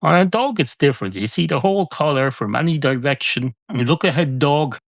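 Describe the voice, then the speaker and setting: A man's voice: mid-range voice, lively intonation, a little fast, gravelly, no echo. A man hosting a comedy podcast alone, rambling through silly musings and correcting himself mid-thought. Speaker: podcast host. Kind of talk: comedic solo monologue.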